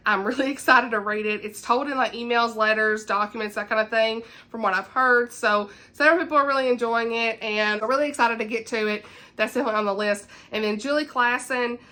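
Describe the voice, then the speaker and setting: Bright, giggly woman vlogger. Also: medium pitch. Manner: chatty and giggly, greets viewers by name. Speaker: book vlogger. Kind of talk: casual chat to camera.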